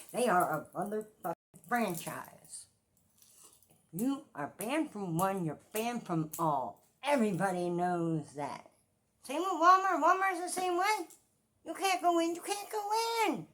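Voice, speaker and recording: A middle-aged woman giving a ranting commentary vlog, swearing often and repeating her points with emphasis. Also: medium pitch. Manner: profane, repetitive and emphatic. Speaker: true-crime commentary vlogger.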